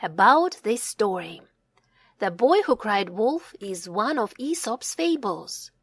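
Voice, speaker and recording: Woman storyteller for a kids' storybook, slow and sing-song, dry close mic. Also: medium pitch, husky, no echo. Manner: slow, expressive read-aloud. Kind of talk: children's storybook narration.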